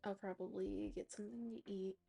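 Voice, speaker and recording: Rambling, gravelly-voiced woman streamer. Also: mid-range voice, fairly even intonation, fairly quick, mellow, soft background music. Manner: rambling, often trails into a near-whisper. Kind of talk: casual chat while crocheting on stream.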